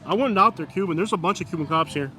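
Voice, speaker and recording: A man's voice: high-pitched, quick pace, sharp tone. A man live-streaming outdoors on a busy street, joking with chat and mock-scolding passing drivers. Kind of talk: live-stream vlog, commenting on passers-by.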